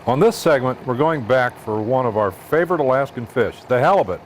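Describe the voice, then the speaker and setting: A man narrating a fishing trip as host, in a measured, plainspoken voice-over. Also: medium pitch, animated, noisy background.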